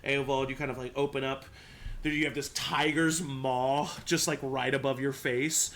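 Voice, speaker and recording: A man's voice: medium pitch, level tone, moderate pace, a bit bright. A man narrating a tabletop game as game master, casual and laid-back, chuckling often.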